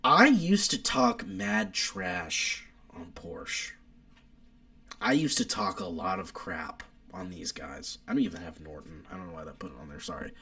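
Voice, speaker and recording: A young man chatting casually on a live stream with an animated, rambling delivery. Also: unhurried, gravelly. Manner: animated, rambling car enthusiast, wide pitch swings.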